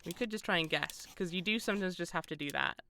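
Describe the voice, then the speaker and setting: A woman's voice: lowish voice, quick pace, pushed and bright, slight background noise. A young British woman streaming a game, chatting casually in a rambling, self-deprecating way with frequent laughs. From Britain. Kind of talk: casual gameplay stream chat.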